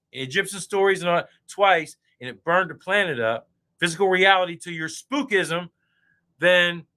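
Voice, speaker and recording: A boastful man rants in a loose, profane online chat while drinking beer. His voice sits a little high and comes out bright and tense. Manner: boastful, profane, animated ranting. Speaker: guest speaker. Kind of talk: heated casual debate chat.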